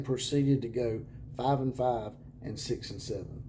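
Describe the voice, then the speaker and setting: A man hosting his own college football video channel, talking casually and sarcastically from a room at home, chuckling and sometimes dropping into hushed mock-whispers. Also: mid-range voice, expressive, moderate pace, hardly any pauses, slight background noise.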